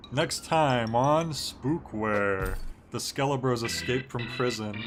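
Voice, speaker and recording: Game music plays behind a young man giving casual let's-play commentary. He talks in a medium pitch with some background noise, chatting away, reading in-game dialogue and often trailing off to restart.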